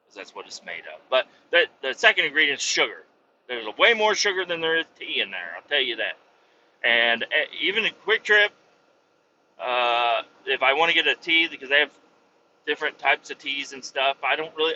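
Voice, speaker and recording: A man's voice: medium pitch, sharp tone, dull audio, a little hiss or hum. A young adult man hosting a solo podcast, ranting casually and profanely. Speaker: podcast host, truck driver.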